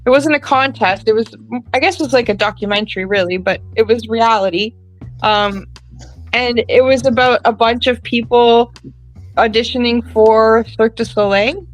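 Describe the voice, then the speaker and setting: Woman, slightly high voice, chatty, laughs easily, casual chat, faint music behind. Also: normal speed, low-quality recording. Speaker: podcast co-host.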